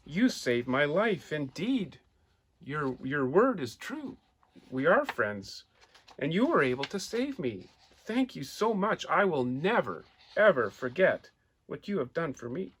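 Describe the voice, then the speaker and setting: A man voicing a trapped male lion who speaks slowly and heavily. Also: on the high side, sing-song, fairly bright tone, slightly rough, heavily acted. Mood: grateful. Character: trapped male lion, sad then grateful.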